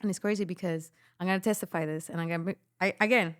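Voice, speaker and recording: A woman's voice: on the low side, rapid-fire, clean tone, no echo, studio quality. A young adult woman giving an emotional personal testimony as a podcast guest, acting out the voices of the people in her story. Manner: animated storytelling, acts out quoted voices.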